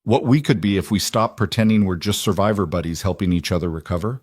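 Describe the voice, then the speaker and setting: A man's voice: sits low, quick pace, dry recording, clean studio sound. A man doing Elena, a wary wounded young woman. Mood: vulnerable. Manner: hesitant and vulnerable.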